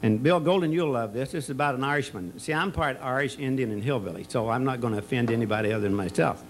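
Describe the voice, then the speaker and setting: A man's voice: mid-range voice, fast, a little hiss or hum, rough recording. A man giving a folksy, rambling speech at a retirement party. He tells stories and jokes about a former school colleague and often stops to restart his sentences. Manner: rambling storyteller who tells jokes with many restarts and fillers. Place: party or banquet room.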